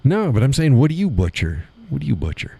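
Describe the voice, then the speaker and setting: A man hosting a live stream in casual chat, playful and quick to laugh, toying with how words sound. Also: mid-range voice, very animated, vocal fry, mellow, slightly rough, dry recording. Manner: chatty, playful, laughs often, toys with word sounds.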